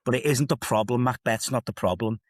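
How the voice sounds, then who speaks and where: A man's voice: mid-range voice, a little fast, no echo, studio quality. A man in his fifties with a Liverpool accent, an assistant head teacher telling stories with emphatic, rhetorical asides in a podcast discussion. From England.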